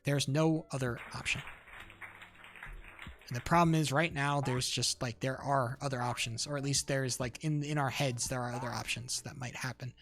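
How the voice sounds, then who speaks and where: A man's voice: mid-range voice, fairly even intonation, fairly quick, hardly any pauses, a bit bright. A young man streamer ranting in casual chat, heated and rambling, full of fillers, restarts and swearing. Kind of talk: casual livestream rant. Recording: faint music behind.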